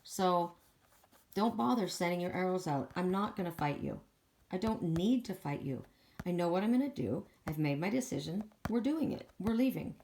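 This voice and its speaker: Woman voicing a dragon-riding warrior woman, defiant, scoffing, lowish voice. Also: expressive, moderate pace, a little mellow. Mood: resolute. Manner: defiant, scoffing, self-assured.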